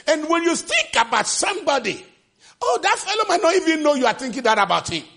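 A man preaching a sermon with passion, shouting refrains and acting out the scripture quotes. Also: sing-song, quick pace, gravelly. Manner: acts out quotes with sudden pitch jumps.

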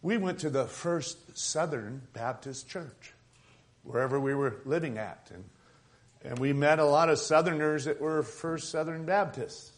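A man's voice: fairly high pitch, a little slow. A man delivers a sermon in an easy, conversational way. He jokes and asides, and his voice sits slightly above the usual male range. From Tucson, Arizona. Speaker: pastor.

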